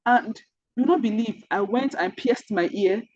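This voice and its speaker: A woman's voice: a little high, unhurried, a little mellow, dry recording, dull audio. A woman with a Nigerian accent mentoring an online group, telling personal stories earnestly and repeating key points to drive them home. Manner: earnest, repetitive storytelling that speaks directly to listeners.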